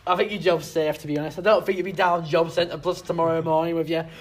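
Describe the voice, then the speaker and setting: A British man co-hosting a casual political podcast, teasing and halting, with many fillers. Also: a little high, flat delivery. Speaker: podcast co-host.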